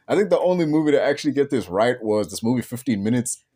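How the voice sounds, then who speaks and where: A man's voice: mid-range voice, animated, quick pace, warm tone, slightly rough. A man, a podcast host rambling casually about films with many fillers and restarts. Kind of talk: casual film talk.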